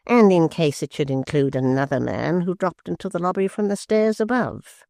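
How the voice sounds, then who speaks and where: A reader voicing a sly, smooth-talking male secretary who speaks coldly and slowly, sometimes close to a whisper. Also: mid-range voice, lively intonation, a little mellow, no echo. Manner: silky, slow and cold, sometimes near a whisper. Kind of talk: audiobook character voice.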